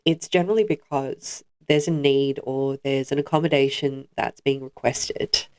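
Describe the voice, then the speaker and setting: A woman's voice: extremely low pitch, steady tone, normal speed, darkish tone. A woman co-hosting a podcast, telling personal stories in a reflective, conversational way. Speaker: podcast co-host. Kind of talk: casual chat.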